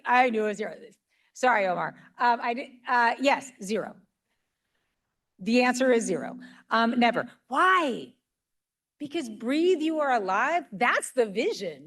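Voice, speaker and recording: Woman giving a summit talk, slightly high voice, chatty and upbeat, quizzes the crowd. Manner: lively, conversational, asks the audience questions. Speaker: summit workshop presenter. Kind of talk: conference talk to a live audience. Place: conference room.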